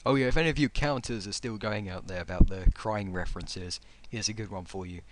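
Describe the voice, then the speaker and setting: A man's voice: lowish voice, fairly quick, a little hiss or hum. A young man casually reading out an online comment argument and answering it with sarcastic, mocking remarks.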